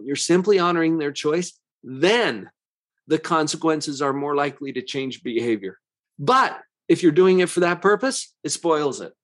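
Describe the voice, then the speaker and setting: A man hosting a parenting podcast, explaining calmly and slowing down to stress key words. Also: on the high side. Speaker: parenting coach and podcast host. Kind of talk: podcast monologue.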